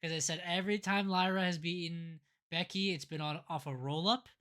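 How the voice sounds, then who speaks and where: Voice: medium pitch, fairly even intonation, brisk, a bit bright. A podcast co-host recapping wrestling events in a casual, rambling way, with frequent fillers and restarts.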